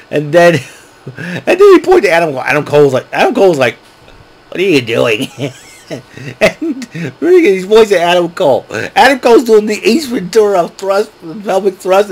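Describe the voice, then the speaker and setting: A man hosting a casual wrestling recap show, excitable and laughing often as he acts out what wrestlers said. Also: a little high. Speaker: wrestling podcast host.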